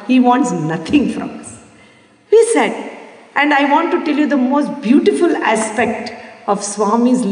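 Animated woman telling a devotional story. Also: high voice. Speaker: devotional speaker. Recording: echoey hall from far off.

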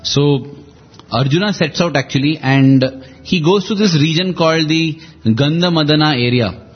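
Man, husky, higher pitch, reflective conversational storyteller, dull lo-fi sound. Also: normal speed, soft background music. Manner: reflective, acts out quoted lines with shifting emphasis. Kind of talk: conversational storytelling about scripture.

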